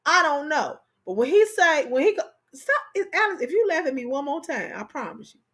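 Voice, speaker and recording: Animated high-voiced woman hosting a live. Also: brisk. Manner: animated, laughing, talks straight to viewers. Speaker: live stream host. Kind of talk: casual livestream chat.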